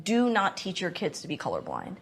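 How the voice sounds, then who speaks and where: A woman's voice: fairly low pitch, wildly swooping pitch, brisk, slightly rough, faint music behind. A woman speaking directly and in a lecturing way during a dinner party discussion.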